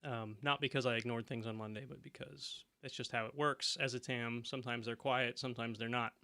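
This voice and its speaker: A man's voice: medium pitch, steady tone, a little fast, creaky, pushed and bright. Man chatting casually on a podcast. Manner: laughs often while telling stories. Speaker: podcast co-host. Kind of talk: casual chat.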